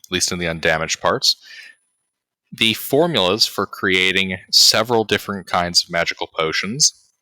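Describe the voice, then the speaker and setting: Guy gm'ing a tabletop game, slow and careful, bright edge to his voice, dry close sound. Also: low-pitched, no echo. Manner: slow, deliberate narration with pauses. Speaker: game master.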